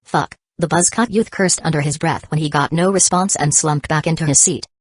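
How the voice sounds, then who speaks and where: Low-voiced woman reading an audiobook. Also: a little fast, slight background noise. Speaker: audiobook narrator. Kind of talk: scripted narration.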